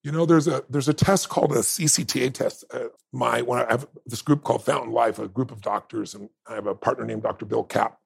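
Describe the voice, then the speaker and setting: Male interview guest with a deeply gravelly, husky voice, passionate, emotional storytelling. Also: fairly even intonation, a little fast, hardly any pauses. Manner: emotional, impassioned, emphatic. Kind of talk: heartfelt conversational storytelling.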